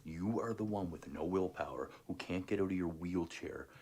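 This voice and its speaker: Very deep-voiced taunting man, muttering. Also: normal speed, darkish tone, husky. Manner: taunting, low muttered near-whisper. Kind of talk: taunting stream clip.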